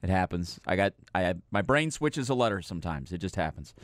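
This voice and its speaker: A man's voice: low voice, sing-song, a little fast, no echo. A middle-aged man talking casually as a sports radio host. He rambles and pokes fun at himself. The studio sound is dry and close. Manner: chatty, rambling, self-deprecating.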